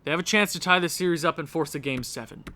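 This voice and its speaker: A man's voice: on the high side, fast, sharp tone. A young man giving casual commentary on his own hockey video game late at night at home, exasperated and pleading with his team. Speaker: gaming video creator. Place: house at night.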